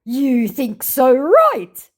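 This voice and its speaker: A woman's voice: sits high, huge pitch swings, drawn-out words, voice pushed up, exaggerated voice. A woman voicing a pushy male online scammer who speaks blunt, broken English.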